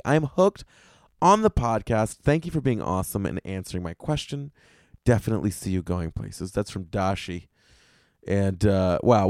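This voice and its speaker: A man's voice: fairly low pitch, a little mellow, no echo, studio quality. A young man hosting a solo comedy podcast, ranting with heavy swearing, exasperation and sarcastic asides. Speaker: podcast host.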